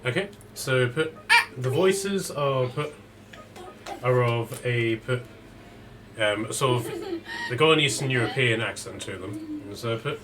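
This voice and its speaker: A man narrating a tabletop game as game master, describing scenes casually with many pauses and restarts. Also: mid-range voice, noisy background.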